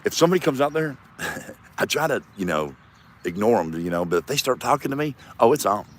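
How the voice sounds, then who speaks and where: A comedian vlogger in his fifties rambles and swears through a self-mocking solo vlog in his front yard as traffic passes. His mid-range voice is sing-song and fairly quick.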